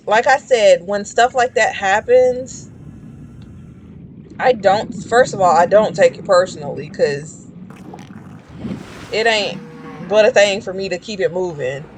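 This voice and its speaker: Streaming a game, a woman rambles through casual commentary in a medium-pitched voice, speaking slowly with frequent pauses. She shrieks when something startles her, and a faint hiss or hum sits under the audio.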